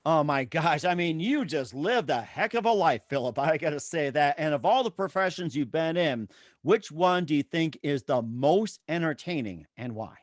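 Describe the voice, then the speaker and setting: A man's voice: on the high side, lively intonation, normal speed, no echo, studio quality. A man hosting a talk show, reacting playfully and asking casual questions. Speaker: host. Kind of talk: casual interview chat.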